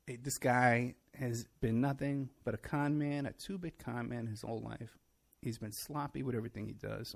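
Gravelly, sarcastic man ranting on his show. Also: mid-range voice. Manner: rambling, sarcastic, laughs at his own points. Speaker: show host. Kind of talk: solo monologue commentary.

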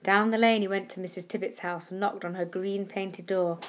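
A woman storyteller reading children's bedtime stories aloud in a gentle, expressive way, slowing down on key words. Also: mid-range voice, lo-fi sound, slight background noise. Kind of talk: scripted bedtime story narration.

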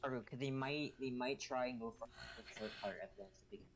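A man's voice: medium pitch, quick pace. A man gamer mumbling offhand remarks during multiplayer gameplay. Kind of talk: casual gameplay chat. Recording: heavy background noise.

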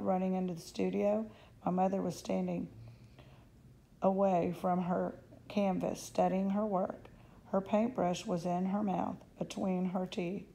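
A woman reading a children's novel aloud, lifting her voice for the young narrator's excited thoughts. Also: lowish voice, unhurried, vocal fry, slight background noise, low-quality recording. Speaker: audiobook reader.

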